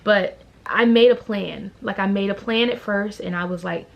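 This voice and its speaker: A young woman vlogging in a casual, animated and opinionated way. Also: medium pitch, normal speed, creaky, highs cut off. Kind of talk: casual talking-head vlog.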